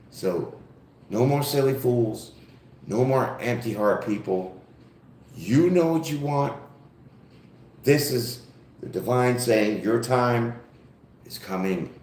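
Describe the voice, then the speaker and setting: A man's voice: mid-range voice, reverberant, a little hiss or hum. A man giving a casual live-stream tarot reading, talking straight to his viewers in a loose, profane way. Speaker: tarot reader.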